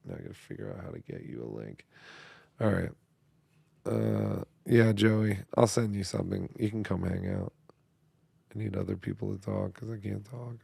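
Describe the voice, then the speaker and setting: A hoarse man who is losing his voice hosts a casual livestream chat, reading viewer messages in a profane, mumbling, self-deprecating way. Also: on the low side, animated, moderate pace, a little mellow, no room sound. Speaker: show host.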